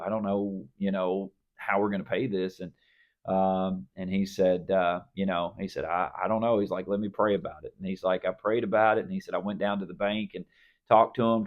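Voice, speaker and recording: Low-voiced man telling a rambling story. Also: muffled recording. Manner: rambling storyteller, many fillers and restarts. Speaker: podcast co-host. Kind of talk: casual faith podcast chat.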